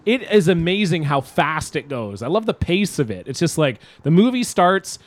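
A man's voice: on the high side, very animated, normal speed. A Canadian man co-hosting a podcast in casual, laughing chat. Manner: chatty, laughs often. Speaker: podcast co-host.

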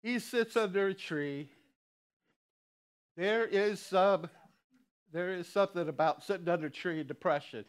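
A man's voice: high voice, a little slow, long pauses, smooth. A man preaching a sermon in a conversational way, with frequent chuckles and asides. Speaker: lay preacher.

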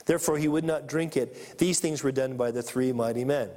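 A man preaching a sermon and reading scripture aloud, animated, acting out the people in the story. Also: medium pitch, brisk. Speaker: pastor. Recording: long hall reverb.

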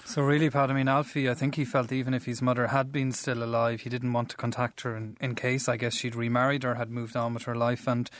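Irish male reporter, mid pitch, dry studio sound, measured and explanatory. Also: little pitch movement, a bit bright, no echo. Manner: measured, explanatory, loose with fillers. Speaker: radio reporter. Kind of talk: radio report and studio discussion.

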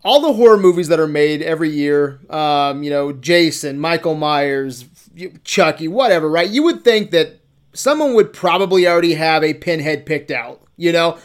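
A man's voice: a little high, lively intonation, normal speed. A man hosting a casual interview, enthusiastic and slangy, full of fillers. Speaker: podcast host.

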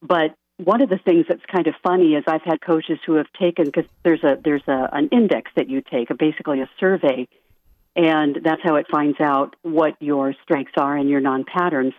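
A woman guest on a radio interview, a life coach, talking softly and earnestly and laughing lightly now and then. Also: sits low, fairly even intonation, normal speed, no echo. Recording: dry tinny phone-line sound.

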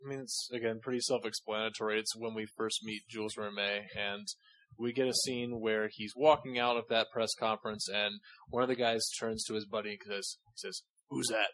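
Bright, wry man podcast co-host. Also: fairly low pitch, flat delivery, a little fast, rough recording. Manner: wry, questioning, steers the talk. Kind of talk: casual chat reviewing a film.

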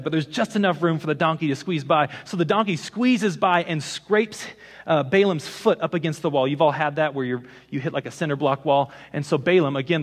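Animated preaching man in a reverberant hall. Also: mid-range voice. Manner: animated storytelling, rising to emphatic preaching. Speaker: pastor. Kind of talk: sermon.

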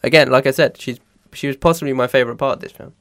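A man co-hosting a film review podcast, eager and quick to laugh in casual chat. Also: medium pitch, fairly bright tone. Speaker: podcast co-host.

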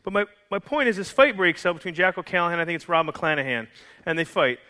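Pastor guy giving a sermon in church, bright fairly high voice, chatty and jokey. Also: animated, fast talker. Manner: conversational storytelling, many restarts, jokes with the congregation.

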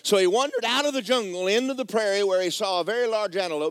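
A man preaching a folksy, conversational sermon. He tells stories and drops into quiet asides. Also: high-pitched, quick pace, hardly any pauses, no room sound, clean studio sound. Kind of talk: sermon with storytelling.

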